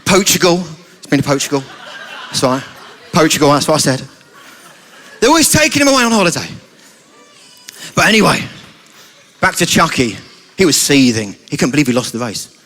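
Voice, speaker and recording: A man's voice: on the high side, brisk, long pauses. Playful British man telling a children's story. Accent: British English. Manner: playful, animated, asks the children questions. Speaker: guest speaker at a family church service.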